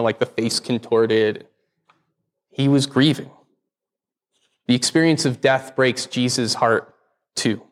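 Conversational pastor preaching in a reverberant church. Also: male voice. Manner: conversational, varies pitch for emphasis. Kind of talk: sermon. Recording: church hall with long reverb.

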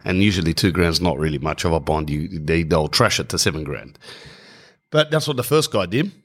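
A man's voice: low voice, lively intonation, brisk, a bit bright. An Australian man telling a rambling, slangy comic story, often correcting himself mid-sentence. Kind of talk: comedic storytelling monologue.

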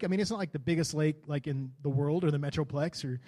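A pastor preaches a sermon, sharing a personal story in a casual, conversational manner before building to fervent declarations. His voice is a little high and steady in tone, rapid-fire and a little mellow.

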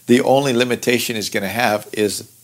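A man teaching through a Bible passage in an earnest, conversational way, explaining verses with lively asides. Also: mid-range voice, brisk. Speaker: pastor teaching Bible study.

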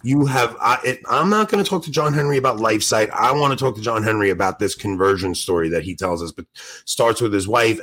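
A man with a husky, breathy voice chats on a podcast. He tells stories with excitement, acts out what people said, and laughs often as he goes. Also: lowish voice. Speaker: podcast co-host. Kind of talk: casual podcast chat.

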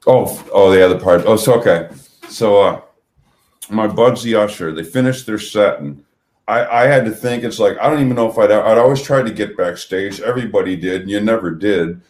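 Low-voiced man reminiscing, roomy echo. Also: a little fast, a little mellow. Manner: reminiscing, loose and profane. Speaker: guest musician. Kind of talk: casual storytelling chat.

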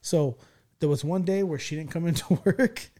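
A man from California spins a podcast story, animated and salty, peppering it with quick check-ins to his listeners. His voice sits a little high for a man yet sounds mellow and warm. The talk is loose and casual. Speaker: podcast host.

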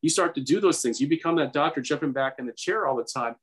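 A man's voice: on the high side, expressive, quick pace, breathy edge. Earnest man giving advice. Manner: earnest, urging, talks in long runs. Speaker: podcast co-host, dentist. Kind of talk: casual advice chat.

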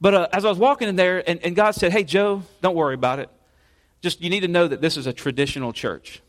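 A high-voiced man, preaching in an easy, conversational way that often stops and starts over. His voice carries the long reverb of a church sanctuary. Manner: conversational, halting preaching with repeated restarts. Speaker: pastor. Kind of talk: sermon.

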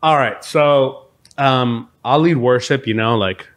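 A man's voice: mid-range voice, slow pace, faint music behind. A man co-hosting a casual podcast, joking easily and laughing as he talks about leading worship. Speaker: podcast co-host and worship leader.

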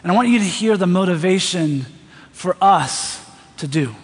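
A man's voice: high voice, lively intonation, normal speed. A man preaching a sermon in a church, talking conversationally and often putting questions to the congregation. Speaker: pastor. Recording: reverberant hall.

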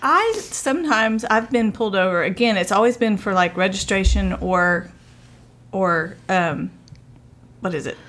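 A woman's voice: mid-range voice, unhurried. A middle-aged woman telling funny stories in a casual chat. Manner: humorous, animated storyteller.

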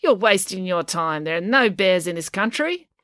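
A woman's voice: lowish voice, sing-song, normal speed, a bit bright, no room sound, clean studio sound. A woman voicing a grumpy, bossy old woman on crutches who snaps and scolds. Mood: scolding. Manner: snappish, scolding.

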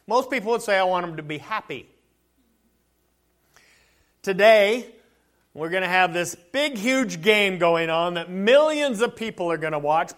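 A man's voice: high voice, fairly bright tone. A middle-aged male pastor giving a conversational sermon in church, with chuckles and asides.

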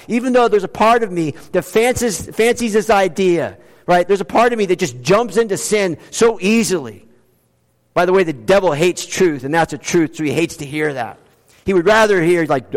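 A man with a high voice preaches a sermon in a church sanctuary, and his voice trails off in a long hall reverb. He talks in a conversational way, reads scripture aloud, and moves between quick bursts and slow, stressed lines. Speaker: pastor.

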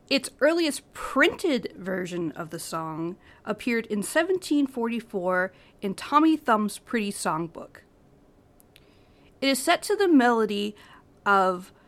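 A young woman hosts her own podcast, reading a prepared script with earnest enthusiasm. Her voice sits a little high for a woman. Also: pushed and bright. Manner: reads from prepared notes, earnest and upbeat. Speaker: podcast host. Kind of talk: scripted educational podcast narration.

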